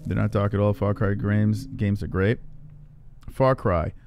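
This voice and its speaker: Over slight background noise, a man in a home room with a gaming computer gives live commentary on a horror game he's streaming. His fairly low, dark voice stays completely flat at a moderate pace, even as he curses a lot, jumps at scares, and pokes fun at his own playing.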